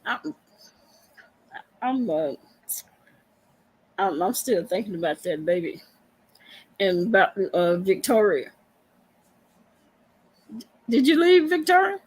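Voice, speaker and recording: A woman's voice: medium pitch, big pitch swings, slow, pauses often, husky, low-quality recording. A woman from Texas with a Texan accent, hosting a casual livestream, chatting with viewers, laughing often and stammering on repeated words. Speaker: livestream host. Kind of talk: casual livestream chat reading comments.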